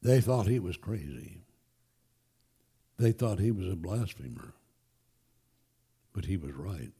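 A man preaching a sermon to his congregation, emphatic and animated, with folksy asides. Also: sits low, slow pace, creaky, slightly rough. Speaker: pastor. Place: church.

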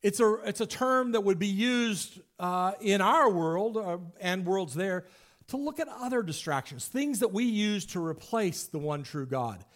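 A man with a notably high voice teaches scripture in a relaxed, conversational way. He explains ideas step by step, often restarting his sentences as he works through them. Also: unhurried. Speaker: Bible teacher. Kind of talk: Bible study teaching.

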